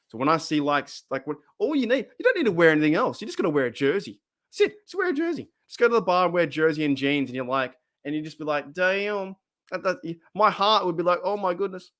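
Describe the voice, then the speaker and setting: A man's voice: on the high side, a bit bright. A man with an Australian accent hosting a casual live stream, rambling, repeating himself and laughing often.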